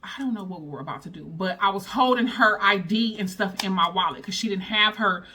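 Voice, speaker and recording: A woman vlogger telling a storytime, casual and animated, full of slang and dramatic retelling. Her voice is bright and sharp, with a mid-range pitch. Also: fairly quick, a little hiss or hum.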